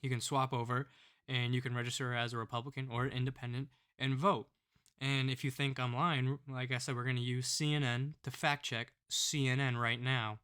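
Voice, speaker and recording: A man's voice: mid-range voice, flat delivery, moderate pace, bright, forceful tone, clear, resonant tone. Scornful ranting male political vlogger. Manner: scornful, ranting, keeps tagging "all right?". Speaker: political commentator. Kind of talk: political commentary vlog.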